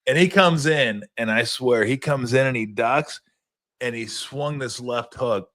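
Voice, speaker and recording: A man's voice: mid-range voice, unhurried, a bit bright, no echo. A man hosting a sports talk show, playful and chatty, laughing easily while he trades stories. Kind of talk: casual talk show chat.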